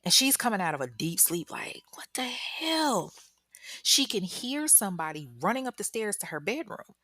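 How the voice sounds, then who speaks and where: A woman's voice: medium pitch, very animated, a little fast, bright, forceful tone, no echo, studio quality. A woman hosting a true-crime podcast, telling the story casually with lots of slang, profanity and ad-libbed asides. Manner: slangy, profane, chatty, ad-libbing. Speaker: podcast host.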